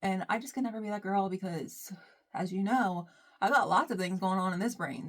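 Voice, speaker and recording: A woman's voice: mid-range voice, brisk. A young woman talks through her makeup routine at home in a loose, rambling vlog chat. She wanders from topic to topic and keeps saying "y'all", with a friendly, unscripted flow. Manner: chatty, rambling, says "y'all" often. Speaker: beauty vlogger. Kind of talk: casual chat while doing makeup.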